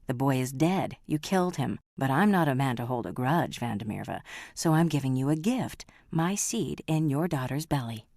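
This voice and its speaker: Vengeful young Scotsman, harsh and mocking, read by a deep-voiced woman. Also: lively intonation, moderate pace, a little mellow, no room sound, clean studio sound. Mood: cold, harsh. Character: vengeful young Scottish man, cold and scheming.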